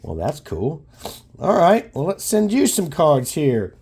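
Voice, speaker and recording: A hoarse man hosting a card collecting channel, chatting casually and enthusiastically as he opens his mail. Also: fairly high pitch, wildly swooping pitch, slow. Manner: upbeat, enthusiastic, shouts out teams. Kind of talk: casual chat opening mail.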